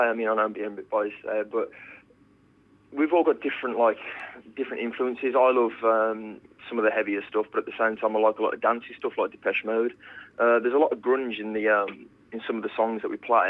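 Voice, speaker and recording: Male musician guest, low voice, easygoing, phoned in. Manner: relaxed, lots of ums and uhs. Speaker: band's bassist, guest. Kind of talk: interview answers. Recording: tinny phone line.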